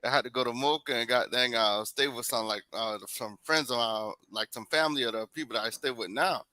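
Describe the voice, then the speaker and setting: A man telling stories as a guest in a casual chat, animated and slangy. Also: mid-range voice, fairly quick, dry recording. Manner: animated storytelling, laughs, slangy.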